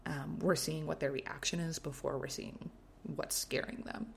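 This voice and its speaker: A podcast co-host discussing a novel with enthusiasm, animated and eager, breaking into passages read aloud. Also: medium pitch, normal speed, creaky, a little hiss or hum. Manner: enthusiastic, animated, reads passages aloud, often trails into soft murmured reading.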